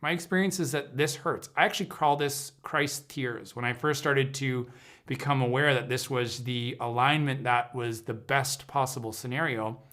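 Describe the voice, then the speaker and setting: A man's voice: medium pitch, steady tone, normal speed, fairly bright tone. A man hosting a livestream as an intuitive counselor, talking in an earnest, searching way and often restarting his sentences mid-thought. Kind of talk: reflective spoken teaching on a livestream.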